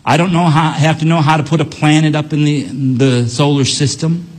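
Husky-voiced male preacher in echoey hall. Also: on the high side, fairly even intonation, moderate pace, darkish tone. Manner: earnest, repetitive emphatic preaching. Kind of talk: sermon.

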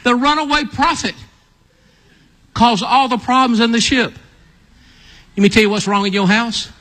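Animated high-voiced preacher man. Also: normal speed, big-room sound. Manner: animated, calls out to the audience, builds to excited high shouts. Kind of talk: lively sermon acting out a story with volunteers.

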